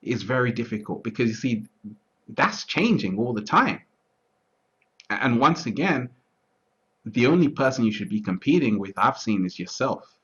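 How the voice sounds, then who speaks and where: A man talking through his thoughts in a relaxed, reflective conversation, often restarting and asking whether he is understood. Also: medium pitch, normal speed, pauses often, breathy edge. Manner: repeats words, restarts often, asks "you see what I'm trying to say". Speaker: interview guest. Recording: dull lo-fi audio.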